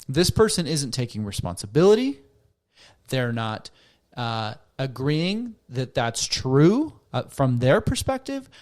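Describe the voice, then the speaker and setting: A man working as a counselor, calmly teaching a conflict technique and acting out sample dialogue between partners. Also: medium pitch. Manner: calm, demonstrates dialogue by acting out both partners. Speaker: therapist. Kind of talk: educational talk to camera.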